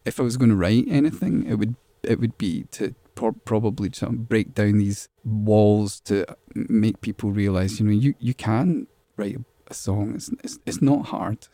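A man's voice: on the low side, normal speed, hardly any pauses, mellow, no echo. A man being interviewed as a musician, talking casually and rambling, repeating words as he thinks. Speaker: musician guest.

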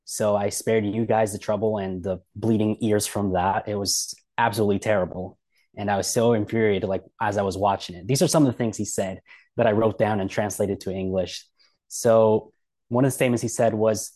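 A man's voice: fairly low pitch, steady tone, moderate pace, darkish tone. A man co-hosting a podcast, talking casually and indignantly with lots of filler words. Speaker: podcast co-host.

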